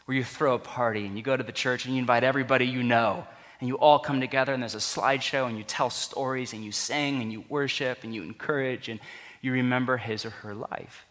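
A man's voice: mid-range voice, steady tone, fast, a bit bright. A man preaching a sermon in an earnest, conversational way, his voice rising for emphasis. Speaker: pastor. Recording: long reverb of a large hall.

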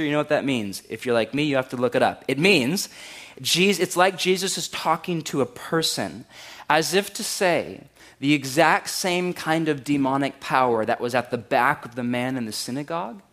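A man, preaching a conversational sermon in a wry, animated way and raising his voice to act out quotes. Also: mid-range voice. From California. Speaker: pastor.

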